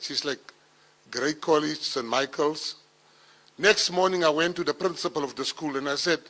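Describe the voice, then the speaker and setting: A middle-aged South African man giving a speech, telling personal stories and acting out the dialogue, rising loud at the punchlines. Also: on the high side, moderate pace. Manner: animated storyteller, acts out dialogue, gets loud at punchlines. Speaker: minister giving a keynote speech. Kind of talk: storytelling speech to an audience.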